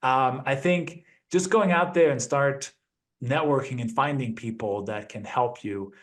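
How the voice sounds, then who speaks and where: Male guest in his 50s, mid-range pitch, measured, checks in with the listener often. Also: fairly bright tone. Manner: measured, peppers speech with "right?" and "you know". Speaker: interview guest. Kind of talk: interview conversation.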